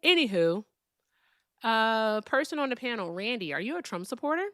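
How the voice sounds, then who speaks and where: A woman's voice: on the high side, big pitch swings, moderate pace, a bit bright, dry recording, studio quality, faint music behind. A woman hosting a live call-in debate stream, blunt and profane, brushing callers off.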